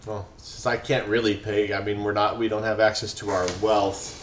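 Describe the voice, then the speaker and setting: A man's voice: fairly low pitch, little pitch movement, normal speed, a little hiss or hum. A man hosting a let's play, casually reading game text aloud with his own asides. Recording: roomy echo, faint music.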